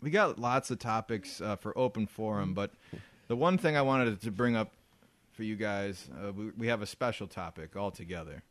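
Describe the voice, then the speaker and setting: This podcast co-host leads the topics of a casual show, his fairly low voice at normal speed. He rants, laughs often and stays animated throughout.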